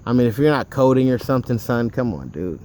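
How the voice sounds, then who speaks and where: Man, mid-pitch, casual monologue host; rambling, digressive storyteller who wanders off on tangents and swears now and then. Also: very animated, quick pace, dark tone, slight background noise. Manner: rambling and digressive, with frequent asides; offhand, with occasional swearing.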